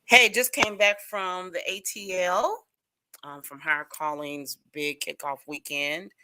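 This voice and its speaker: A woman's voice: on the low side, steady tone, a little slow, bright, forceful tone. A woman from North Carolina, co-hosting a radio talk show in upbeat, friendly casual chat. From Charlotte, North Carolina. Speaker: co-host.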